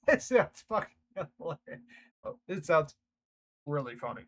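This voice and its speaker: A man's voice: fairly high pitch, low-quality recording. A man reading online workplace stories aloud, breaking off for chatty reactions. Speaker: reddit story narrator.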